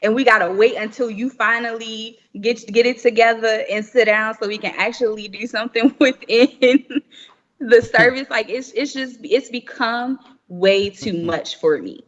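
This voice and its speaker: With a fairly high pitch and a measured pace, a young woman speaks candidly and emphatically as a guest on a podcast, laughing a lot in the casual exchange. The sound is muffled remote audio with long reverb.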